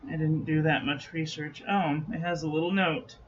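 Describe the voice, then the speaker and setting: A man's voice: on the high side, steady tone, moderate pace, dull audio, slight background noise. A man hosting a casual product review vlog from his own room at home, chatty and reading product details aloud in clipped lists. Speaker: host.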